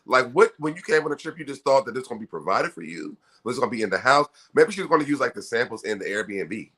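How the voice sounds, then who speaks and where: Brief: quick, bright-toned male co-host, lively pitch, casual banter. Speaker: podcast co-host. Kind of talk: casual recap chat.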